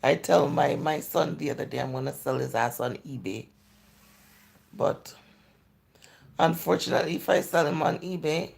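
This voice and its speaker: A Jamaican-accented woman in her forties hosts a casual livestream, reading and answering viewer comments in a deep, darkish voice with heavy gravelly fry throughout. She talks at a moderate pace with long pauses, chatty and candid, slipping into patois as she goes.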